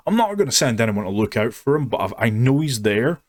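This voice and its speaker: A man's voice: mid-range voice, big pitch swings, a little fast, dry recording. A man reviewing a show in a sarcastic, mocking rant. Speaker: YouTube reviewer. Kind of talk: ranting review.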